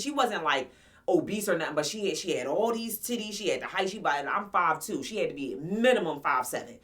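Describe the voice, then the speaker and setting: A woman's voice: deep voice, fairly bright tone, distant mic. A woman in her forties casually telling a personal story to her viewers, blunt, slangy and profane. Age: 40s. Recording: voice somewhat off-mic.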